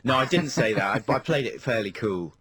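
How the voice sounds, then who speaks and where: A man's voice: mid-range voice, expressive, a little fast, a bit bright, breathy edge, no room sound. A man with an English accent, co-hosting a radio show and telling anecdotes in casual banter in a studio.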